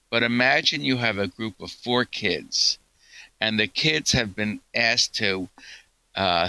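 A man speaks as an interview guest in a slightly low, bright, forceful voice. He talks slowly and earnestly, telling stories and acting out quoted lines. The sound is dry and close. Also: dry recording, low-quality recording. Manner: earnest, storytelling, quotes others. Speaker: guest scientist. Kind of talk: interview answers.

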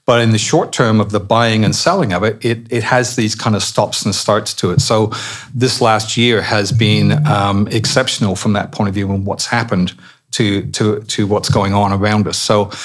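A man from England with an English accent, a podcast guest answering questions in a relaxed, rambling way. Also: lowish voice, normal speed. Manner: relaxed, rambling with restarts and "you know". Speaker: podcast guest, company executive. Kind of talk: casual interview talk.

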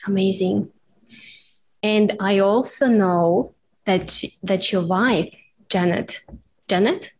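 A woman's voice: medium pitch, slow pace, long pauses, a little mellow, slightly rough. A woman hosting a podcast interview, affirming her guest and asking long, framing questions. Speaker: podcast host.

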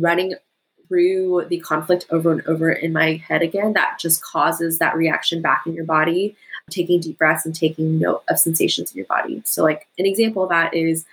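A woman speaking as a podcast guest, explaining in a relaxed, conversational way with frequent filler words. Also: low voice, rough recording.

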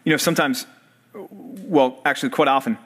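A man's voice: mid-range voice, normal speed, fairly bright tone. A man in his thirties, a pastor, preaching a sermon to college students and quizzing them with fill-in-the-blank questions. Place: church service for college students.

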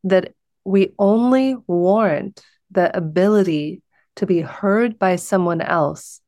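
A woman's voice: mid-range voice, takes it slowly, a little mellow, no echo. A woman hosting a podcast interview, speaking earnestly and turning to address her listeners directly. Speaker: podcast host and speaking course co-teacher.

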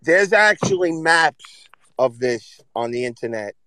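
A man from Northern New Jersey chats on his phone while driving, cursing his way through a rambling story. His voice sits a little high, and the sound is dry and close. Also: animated, unhurried, sharp tone, smooth, no room sound, low-quality recording. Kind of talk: casual chat. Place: driving a car. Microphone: phone in hand.

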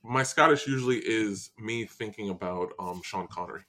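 A man's voice: fairly low pitch, moderate pace, pushed and bright. A man co-hosting a podcast in a playful, teasing casual chat. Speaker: podcast co-host.

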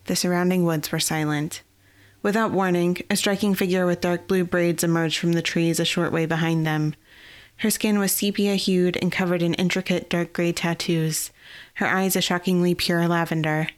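A woman's voice: lowish voice, steady tone, normal speed. Woman narrating a fantasy audiobook.

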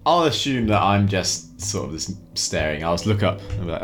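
A man's voice: sits low, faint music behind. A man playing a tabletop role-playing game, joking and laughing often. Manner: slow, lively, laughing a lot. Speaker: player.

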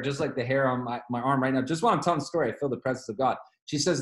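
A man's voice: medium pitch, racing, hardly any pauses, echoey room. A man preaching a sermon, telling a story with animation and quoting both sides of a phone call.

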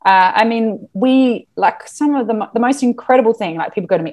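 A woman talking as a podcast guest in a casual interview, chatty and animated with plenty of fillers. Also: on the high side, fairly quick. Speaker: podcast guest, marketing business owner.

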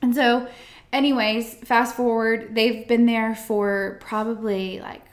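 A woman co-hosting a podcast, telling a long story in an animated casual way, full of "like" fillers. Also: fairly high pitch, takes it slowly, roomy sound. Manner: animated storyteller, acts out quotes, many "like" fillers. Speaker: podcast co-host, event florist.

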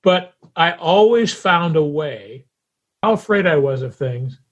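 A man's voice: a little high, expressive, measured pace, slightly rough, dull audio. A man as a guest on an interview podcast, talking reflectively about his past. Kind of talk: conversational interview.

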